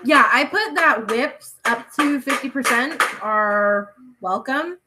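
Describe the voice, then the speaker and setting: A woman's voice: on the high side, takes it slowly. A woman hosting a crochet livestream from home, chatting casually with viewers, reading their comments aloud and laughing often. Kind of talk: casual chat with live viewers. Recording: loud clicking noise over the voice.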